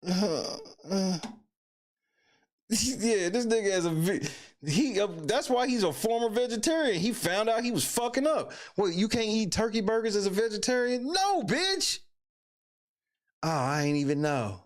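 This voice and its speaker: Hosting a live stream, a man reacts to news clips with loud, mocking commentary packed with profanity and slang. His voice sits high and is expressive, moving at a normal speed.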